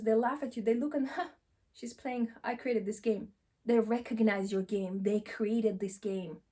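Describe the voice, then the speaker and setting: A woman coach speaks seated to camera, mellow and a touch high in pitch. She talks emphatically, hammering the same phrases again and again. She throws out rhetorical questions as she advises. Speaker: relationship coach. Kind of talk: direct advice monologue to camera.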